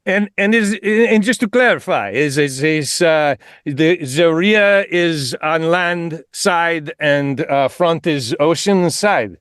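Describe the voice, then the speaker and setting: A man's voice: a little high, fairly bright tone, clean tone, no room sound, studio quality. A man doing a stammering French adviser. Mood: hesitant. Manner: halting, stammering with many fillers. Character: flustered male French adviser, hesitant.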